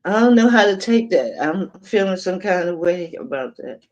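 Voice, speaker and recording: Woman, casual panel chat; mock-offended, drawn-out questions. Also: lowish voice, expressive, a little mellow, highs cut off. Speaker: panelist on a live audio chat.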